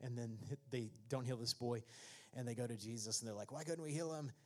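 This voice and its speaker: A male pastor preaching a sermon, joking with the congregation and then building to shouted exhortations. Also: medium pitch, brisk. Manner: swings from conversational asides to shouted preaching; jokey, laughs at own remarks.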